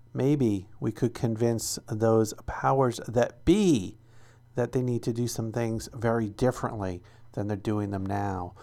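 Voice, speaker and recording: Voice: mid-range voice, creaky, darkish tone. A radio show host talking casually between songs and reading a newspaper piece aloud, enthusiastic and earnest.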